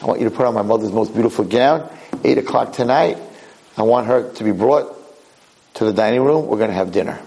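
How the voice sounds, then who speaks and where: Man doing a young king figure, firm, patient, insistent, gravelly low voice. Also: a little fast, darkish tone, low-quality recording. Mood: commanding. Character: young male king, calm and commanding.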